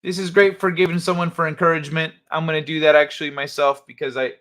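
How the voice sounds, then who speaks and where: A fast-talking man with a high-ish, fairly bright voice and little pitch movement hosts a casual late-night stream. He trades crude jokes and chats directly with his audience.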